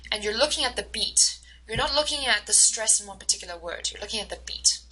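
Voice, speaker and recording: A woman with a bright, slightly husky voice teaches a recorded lecture. She explains step by step, pauses on fillers, and acts out short example exchanges to make each point. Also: fairly high pitch, expressive, poor audio. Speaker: instructor.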